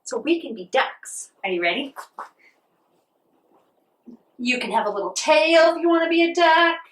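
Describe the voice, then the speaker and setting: A woman leading a playful children's yoga lesson, animated and sing-song as she talks to a child. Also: high-pitched, normal speed, echoey room, distant mic, low-quality recording. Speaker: kids' yoga teacher. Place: outdoors on a farm.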